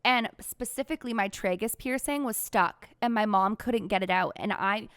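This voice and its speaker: A young adult woman, a podcast guest, telling a story in animated casual chat, full of "like" fillers. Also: medium pitch, normal speed, clear, resonant tone, no room sound, clean studio sound.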